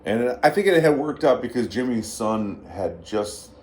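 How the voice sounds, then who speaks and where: A man's voice: mid-range voice, normal speed, slight background noise. A blues guitarist, a man, telling stories in a casual interview and acting out the voices of the people he quotes. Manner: lively anecdotal, acts out quoted voices. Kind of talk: casual storytelling.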